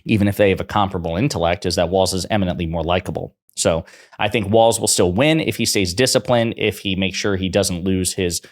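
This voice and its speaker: A man's voice: low-pitched, fairly quick. A man, a political commentator, talking through his opinions in a conversational way with fillers and restarts.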